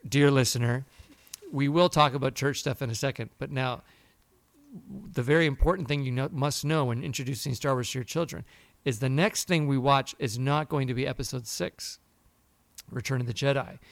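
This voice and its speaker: A man co-hosting a podcast, telling a story in a lively way and acting out the people he quotes. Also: mid-range voice, normal speed, vocal fry, no echo. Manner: animated storyteller, acts out quotes. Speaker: podcast co-host. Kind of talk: casual chat.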